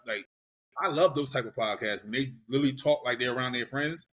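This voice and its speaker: A man in relaxed podcast conversation as a guest, giving easygoing, encouraging advice. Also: mid-range voice, a little fast. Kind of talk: casual podcast chat.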